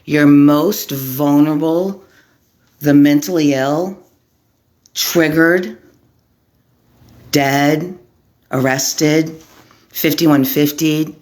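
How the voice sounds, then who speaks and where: A woman from Arizona giving an impassioned vlog monologue to camera, speaking slowly and deliberately in short, clipped lists. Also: low voice, darkish tone. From Arizona, USA. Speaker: vlogger, formerly homeless advocate.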